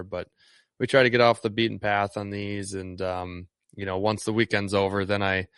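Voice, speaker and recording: A man's voice: lowish voice, a bit bright, clean tone, no room sound. A fishing guide from Northeast Wisconsin, a man talking casually in an interview and rambling with many ums and restarts.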